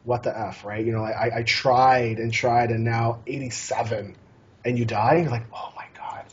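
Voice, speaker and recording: A man's voice: medium pitch, steady tone, moderate pace, husky. A man guest on a casual gaming podcast, talking in a rambling way with many restarts and fillers. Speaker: guest, challenge curator. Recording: dull lo-fi podcast audio.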